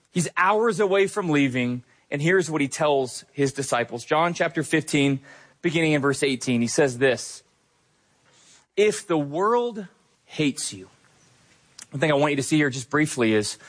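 Conversational preaching man, higher pitch. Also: fairly bright tone. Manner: conversational, emphatic preaching with asides. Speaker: pastor. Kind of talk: sermon.

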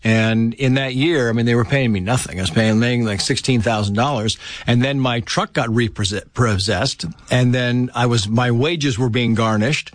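A man chatting as a guest, telling lively stories and acting out the people in them. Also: medium pitch, moderate pace, hardly any pauses, no room sound, studio quality. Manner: animated, acts out quoted voices. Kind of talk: casual storytelling.

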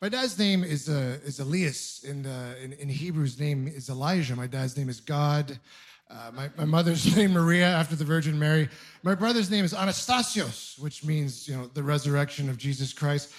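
A young man from Ontario doing a stand-up comedy set in a club, telling self-deprecating, exasperated stories with quick asides. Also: on the high side. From Canada (Ontario). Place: comedy club stage with audience laughter.

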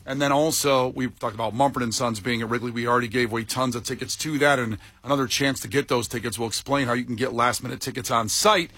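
A man's voice: medium pitch, fairly even intonation, fast talker, few pauses, sharp tone, breathy edge, no echo. A man hosting a morning radio show in casual, playful banter with his co-hosts. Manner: playful, exaggerated, self-mocking. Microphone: studio microphone.

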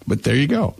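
A man's voice: on the high side, creaky, slightly rough. A man hosting a talk radio show, ranting with sarcastic, fired-up opinions.

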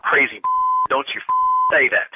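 A man's voice: a little slow, very noisy. A man on a phone call, exasperated and laughing in disbelief at what he is told. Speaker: prank call target.

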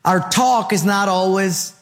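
A man's voice: sits high, unhurried, fairly bright tone, in a large hall. A male pastor preaching a sermon in a rhythmic, rhetorical style, mixing in humorous stories.

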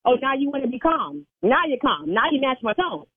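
A woman's voice: high-pitched, sing-song, a little fast, breathy edge, no echo. A woman on the phone as a church sign language interpreter, stern and indignant, calling on the Lord. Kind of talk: heated phone argument. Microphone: telephone. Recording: tinny phone line.

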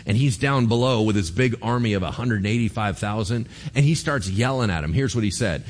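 Male pastor, lively swooping delivery, chatty sermon voice. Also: lowish voice, fairly quick, hardly any pauses. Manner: animated, conversational, asks the crowd rhetorical questions.

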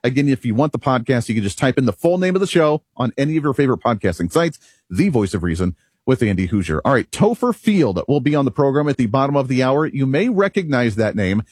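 Very animated and fast, this medium-pitched man has a darkish tone with a breathy edge as he hosts talk radio. His monologue is opinionated, emphatic and full of rhetoric, punctuated by occasional self-amused chuckles, all in echo-free studio quality.

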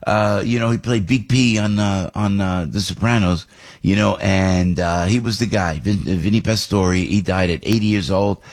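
A middle-aged man, talking as a radio host in a rambling monologue full of fillers, restarts and excited asides. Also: on the low side, normal speed.

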